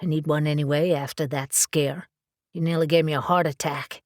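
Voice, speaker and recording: Brief: woman reading a sardonic tough-guy dealer, low voice, blunt and profane. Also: fairly even intonation, normal speed, darkish tone, no room sound, studio quality, natural voice. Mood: gruff. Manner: blunt, sarcastic, swears. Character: gruff blunt male supernatural dealer.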